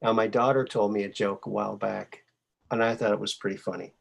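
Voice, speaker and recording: A man's voice: lowish voice, fairly even intonation, a little fast, gravelly. A middle-aged man hosting a call-in show, chatting casually and telling dad jokes. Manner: folksy, tells dad jokes.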